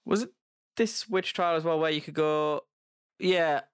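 A man co-hosting a casual chat, reading out history in an even, steady manner. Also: a little high, measured pace, smooth. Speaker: podcast co-host.

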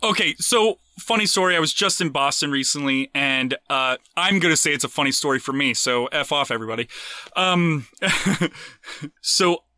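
A man's voice: a little high, lively intonation, moderate pace, sharp tone, no echo. A man co-hosting a podcast, telling stories casually with self-deprecating jokes.

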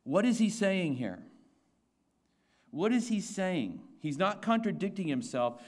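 A man's voice: sits high, big pitch swings, a little slow. A male pastor preaching a sermon to his congregation, asking rhetorical questions, repeating his points and restarting phrases as he goes.

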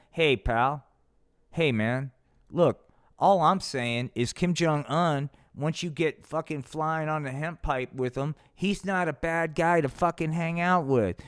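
A man's voice: on the high side, unhurried, smooth. A man hosting a podcast, narrating a live comedic puppet show in a rambling, profane, laid-back way. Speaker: podcast host.

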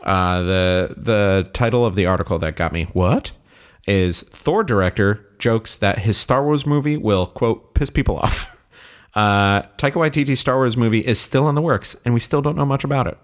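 A man hosting a casual movie podcast, relaxed and laughing often, with lots of fillers. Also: fairly low pitch, normal speed. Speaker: podcast host.

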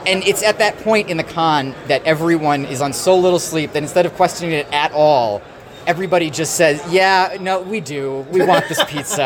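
A man showing his game at a convention, short on sleep and losing his voice, telling a rambling story full of fillers. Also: a little high. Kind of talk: convention floor interview. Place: busy convention hall. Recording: loud crowd chatter behind.

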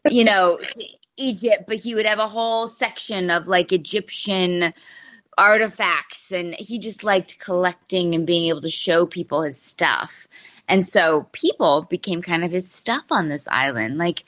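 Woman, novelist guest on a podcast, low-ish voice, animated storytelling, casual interview chat. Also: a little slow. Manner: animated storytelling, amused by the anecdote.

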